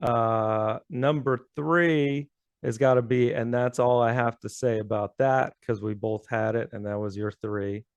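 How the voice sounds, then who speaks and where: A man's voice: medium pitch, fairly even intonation, measured pace, clear, resonant tone, dry recording, highs cut off. A man co-hosting a casual chat, talkative, laughing often and restarting his sentences. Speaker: co-host.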